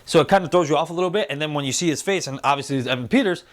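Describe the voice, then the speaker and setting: An excitable man hosting a casual spoiler review, retelling scenes with lively energy and slipping into quoted voices. His speaking voice sits a little higher than most men's. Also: racing. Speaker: show host reviewing a TV series.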